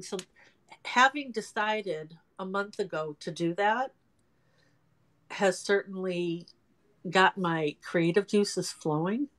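Chatty woman in her sixties, low-pitched. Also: a bit bright. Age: 60s. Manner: chatty, self-deprecating. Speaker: guest, home nail technician. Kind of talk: casual interview chat. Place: her home salon.

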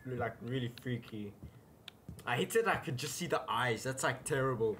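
A man's voice: medium pitch, expressive, moderate pace, a little hiss or hum. A young man commentating a horror game he is playing, casual and easily startled, often calling people dude. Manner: jumpy, says dude a lot, shouts when startled. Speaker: gaming youtuber. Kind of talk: casual let's-play commentary.

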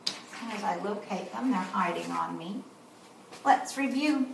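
A woman teaching kindergarten, slow and sing-song and encouraging as she spells out letters and sounds for young children. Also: mid-range voice, expressive, vocal fry, background noise. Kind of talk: recorded morning lesson for young children. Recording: roomy echo, voice a bit far from mic.

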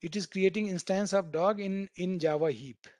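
With a fairly high, slightly mellow voice at normal speed, an Indian instructor walks his online class through programming concepts live. He keeps asking "right?" and explains things through homely everyday analogies. The recording is close and dry, free of room sound.

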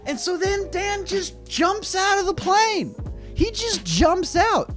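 A young man giving mocking, excitable comedic reaction commentary on a video. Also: extremely high pitch, slow pace, soft background music. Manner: excitable, mocking, laughs at clips. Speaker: YouTube commentator.

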